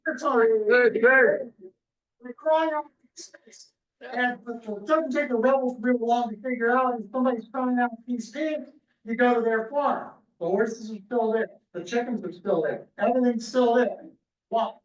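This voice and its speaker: A man giving a lively, storytelling history lecture to a room, sometimes acting out what people cried. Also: very high voice, moderate pace, dull audio. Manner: storytelling, acts out crowd cries. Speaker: history speaker. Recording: echoey room from far off.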